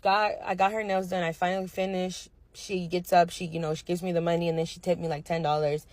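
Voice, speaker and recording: A young woman nail technician casually telling a storytime about a difficult client, animated and slangy. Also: on the low side, fast, no echo. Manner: animated, slangy retelling with quoted dialogue.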